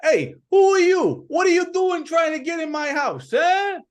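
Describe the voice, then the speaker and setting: A man's voice: very high-pitched, very animated, slow, fairly bright tone, pitched above the performer's own voice, heavily acted. A man voicing a pushy middle-aged human man with a used-car-salesman air, barking suspicious questions. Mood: brash.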